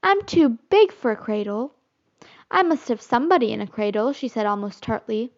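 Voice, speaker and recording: A woman's voice: a little high, expressive, unhurried. A woman voicing a bossy young girl who plays mother to a group of boys, fussy and scolding, in a storybook reading. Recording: slightly muffled recording.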